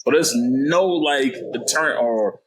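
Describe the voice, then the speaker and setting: A man's voice: medium pitch, unhurried, poor audio. A man, a real estate investor guest, telling his story in a casual podcast interview and acting out the dialogue. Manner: animated, acts out dialogue in his stories.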